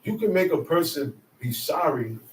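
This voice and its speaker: A man preaching a sermon in a casual, conversational way, now and then rising to shouts for emphasis. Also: fairly high pitch, very animated, moderate pace. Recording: roomy, mic at a distance.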